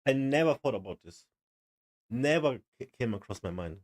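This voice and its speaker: A man reacting out loud to a clip he is watching. His tone is excitable and amazed, his pitch swings widely, and he drops the occasional casual curse. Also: moderate pace, slight background noise. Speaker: streamer reacting to a video.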